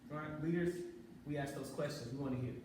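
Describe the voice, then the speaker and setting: A man leading a leadership workshop, energetic and coaxing, asking the room questions, recorded from far off in an echoey room. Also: fairly high pitch, fast, a little hiss or hum. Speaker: leadership trainer. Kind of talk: live workshop facilitation.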